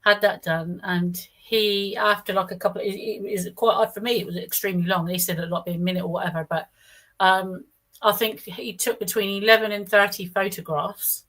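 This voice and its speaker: Speaking briskly in a mid-range, steady, fairly bright voice, a middle-aged woman recounts her own experience over poor audio. She wanders as she talks, restarts often, and performs the words of the people she quotes.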